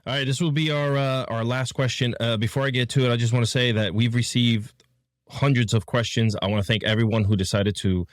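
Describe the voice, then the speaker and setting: A man, the show's producer, reading out listener questions in a friendly, somewhat halting way. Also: medium pitch, steady tone, no room sound, clean studio sound. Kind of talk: reading questions in casual chat.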